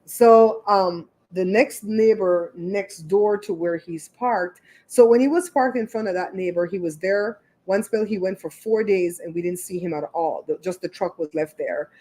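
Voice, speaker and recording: Chatty low-voiced woman telling a story. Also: a little mellow. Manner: chatty, rambling retelling full of asides. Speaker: show host. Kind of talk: casual storytelling on a livestream.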